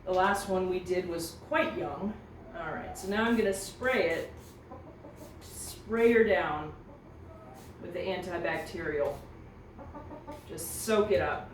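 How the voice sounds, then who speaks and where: A woman caring for an injured hen, explaining what she does in a calm, soothing way and talking gently to the bird. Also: lowish voice, takes it slowly, pauses often. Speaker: backyard chicken keeper. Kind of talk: casual hands-on vlog narration. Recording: roomy echo with faint background noise.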